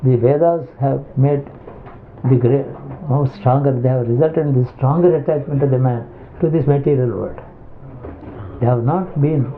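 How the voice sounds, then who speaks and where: A man giving a spiritual discourse as a teacher, halting and restarting as he searches for words. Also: mid-range voice. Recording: tinny phone-like lo-fi recording with faint hiss.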